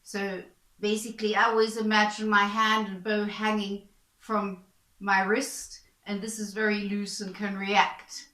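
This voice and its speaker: A woman violin teacher explaining bowing technique in a calm, patient, step-by-step way. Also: mid-range voice, measured pace. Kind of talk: instructional explanation. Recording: echoey room. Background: violin playing between explanations.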